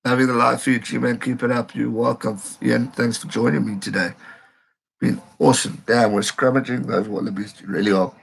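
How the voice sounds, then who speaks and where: A man from South Africa hosting a live rugby reaction stream, excitable and reading viewer comments aloud. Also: medium pitch, moderate pace, gravelly, breathy edge.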